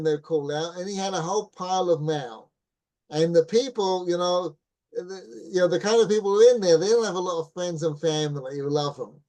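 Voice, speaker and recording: A middle-aged rabbi giving a Torah class. He tells a story in a relaxed, anecdotal way and keeps checking in with listeners by asking "right?" and "you follow?". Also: a little high. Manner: relaxed anecdotal teaching with restarts.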